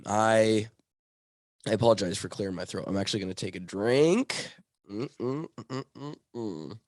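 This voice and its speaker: A young man with a hoarse voice from a cold, hosting his podcast in rambling, self-correcting casual talk. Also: lowish voice, moderate pace, long pauses, no echo, studio quality. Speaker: podcast host.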